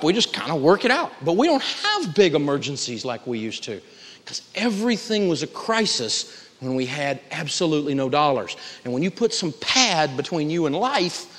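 A man's voice: on the high side, very animated, fairly quick, fairly bright tone. A man teaching personal finance to a live audience, emphatic, humorous and folksy as he tells stories. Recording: reverberant lecture hall.

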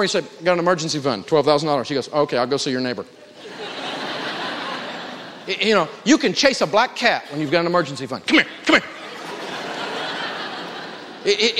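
A man's voice: sits high, a bit bright, a little hiss or hum. A man teaching personal finance to a live audience, emphatic, humorous and folksy as he tells stories. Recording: reverberant lecture hall.

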